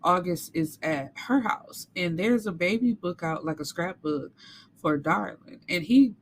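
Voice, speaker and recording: A woman's voice: lowish voice, lively intonation, a little slow, a little hiss or hum. Candid woman recapping a novel. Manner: candid, profane, voices characters' lines. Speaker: book reviewer. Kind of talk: casual book recap.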